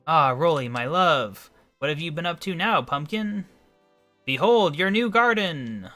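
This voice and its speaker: A man's voice: on the high side, lively intonation, measured pace, pushed and bright, soft background music, pitched above the performer's own voice. A man putting on a pompous haughty queen. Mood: gushing, imperious. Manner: pompous, calls herself "one". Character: haughty snobbish queen, bossy to her husband.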